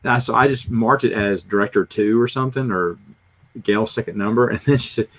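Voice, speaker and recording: A man's voice: on the low side, a little fast, fairly bright tone. A middle-aged man with a Southern US accent, chatting casually and rambling through stories on a livestream in a self-deprecating way. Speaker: livestream host. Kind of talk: casual rambling chat, reading comments.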